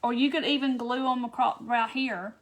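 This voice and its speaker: A woman from Wisconsin hosting a casual live-stream craft tutorial, chatting to viewers, answering their comments and muttering soft asides to herself as she works. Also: fairly high pitch, fairly even intonation, normal speed.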